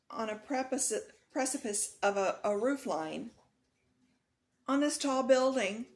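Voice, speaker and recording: A middle-aged woman from Texas chatting casually in a vlog, retelling a nightmare with laughs and animated swings. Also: fairly high pitch. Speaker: vlogger.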